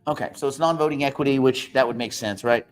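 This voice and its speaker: A man's voice: mid-range voice, fast, soft background music. A man hosting an investing question-and-answer show, talking in a blunt, rambling and often profane way. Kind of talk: casual livestream Q&A.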